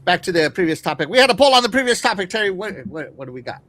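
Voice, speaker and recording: A man's voice: high voice, very animated, racing, pushed and bright. A man hosting a casual live-stream show, talking to his chat with lots of fillers and restarts. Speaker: podcast host.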